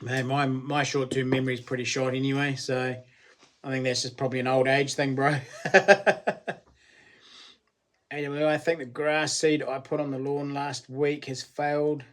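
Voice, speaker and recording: A man's voice: mid-range voice, flat delivery, moderate pace, fairly bright tone. A middle-aged man with a New Zealand accent hosting a casual live-stream chat, matey and chatty, greeting viewers by name and laughing often. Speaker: livestream host.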